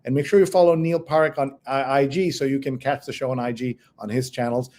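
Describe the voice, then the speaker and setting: A man's voice: mid-range voice, fairly even intonation, fairly quick, a little mellow. A middle-aged man hosting a casual news discussion, chatty and storytelling, often laughing. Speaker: host.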